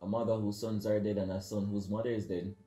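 A man's voice: on the low side, level tone, fast talker, dark tone, reverberant, faint music behind. A young man giving rowdy, slangy gameplay commentary. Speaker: gaming video creator.

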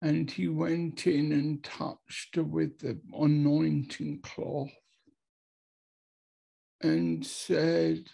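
A man who is an Anglican priest, telling a testimony story slowly and dramatically over a video call, repeating words and acting out quotes. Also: a little high, flat delivery, gravelly, warm tone, husky. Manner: slow, repetitive, dramatic retelling with acted quotes.

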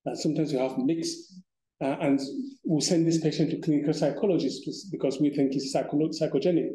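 Male surgeon giving an informal conference talk, slightly high, mellow, roomy hall sound. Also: steady tone. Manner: informal, chuckling asides, halting restarts. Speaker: ENT surgeon lecturing. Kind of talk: conference lecture with patient videos. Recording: echoey hall.

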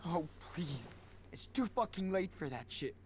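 A man's voice: on the high side, sing-song, a little slow, darkish tone. An actor playing a bitter young man who confronts his absent mother, curt and cold in video game dialogue. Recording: game audio with faint background noise.

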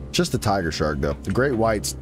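A man giving casual live commentary as he plays a survival game, chatting along and teasing the creatures on screen. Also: fairly low pitch. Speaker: gaming streamer.

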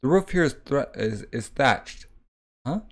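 A man casually reading a manga aloud, halting and adding sound effects. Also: medium pitch, expressive, fairly bright tone. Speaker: manga reader.

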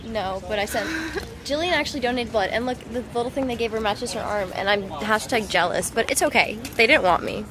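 A young woman with a slightly high voice talks a little fast, chatting casually in her vlog. She's bubbly and jokey, poking fun at herself.

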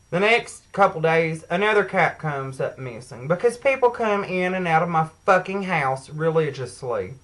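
A woman's voice: sits low, rough recording. A woman telling an angry, profane story to her viewers in a sassy, heated way. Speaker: vlogger. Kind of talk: angry rant to camera.

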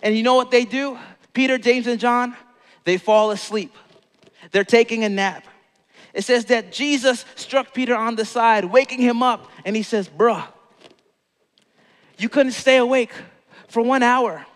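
A man's voice: very high-pitched, steady tone, moderate pace, smooth, big-room sound. A man preaching a sermon as pastor, telling a story playfully and acting out the quotes.

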